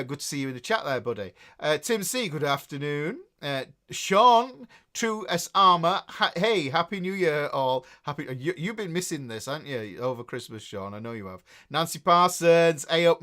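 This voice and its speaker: A man's voice: a little high, fairly bright tone. A man with a Northern English accent hosting a live guitar class, chatting casually and reading out viewers' greetings. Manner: chatty and rambling, with frequent restarts and laughs.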